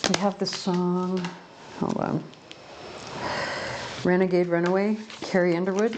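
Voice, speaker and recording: This tarot reader speaks on the low side at a measured pace, with little movement in her pitch. She rambles chattily through a pick-a-card reading at home by a window, frequently correcting herself, against a noisy background.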